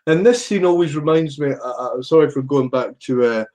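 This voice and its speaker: A man's voice: mid-range voice, moderate pace, a little mellow. A middle-aged Scottish man chatting casually as a podcast guest, rambling, swearing freely and laughing often. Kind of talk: casual film-watching chat.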